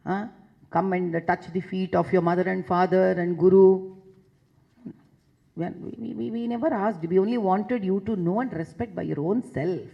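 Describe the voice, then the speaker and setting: A woman's voice: mid-range voice, vocal fry, mellow, muffled recording. A woman with an Indian English accent giving an impassioned public talk, emphatic and repeating phrases for force. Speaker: public speaker addressing a session.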